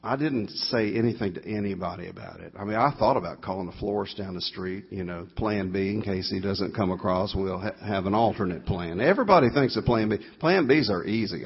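Gravelly man telling a story. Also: lowish voice. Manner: folksy, meandering, self-correcting. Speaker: guest guitarist telling a story at a church concert. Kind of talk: rambling storytelling testimony. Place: church. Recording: dull lo-fi live church recording.

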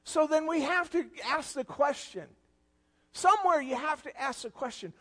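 High-voiced preaching man in a reverberant hall. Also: moderate pace. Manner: preaching with sudden loud rises and quiet drops. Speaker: guest pastor. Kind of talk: sermon.

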